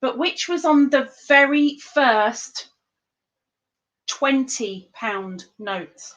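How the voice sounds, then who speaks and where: A woman hosting a live-streamed trivia game, chatty and playful, reading the questions out slowly. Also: high-pitched, lively intonation, a bit bright, lo-fi sound. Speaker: livestream quiz host.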